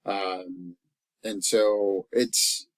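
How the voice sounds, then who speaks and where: A man from El Salvador speaking as a life coach in a personal, reflective vlog. He talks earnestly and haltingly, often restarting his sentences, and his voice sinks soft when he turns emotional. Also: deep voice, little pitch movement, dry recording, poor audio. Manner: openly emotional, voice dropping soft at times.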